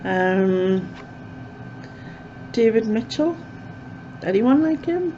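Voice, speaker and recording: A woman's voice: a little high, lively intonation, extremely slow, warm tone, a little hiss or hum. A woman chatting casually as a vlogger, rambling with lots of fillers, recorded with dull, lo-fi sound. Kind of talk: casual chat to camera.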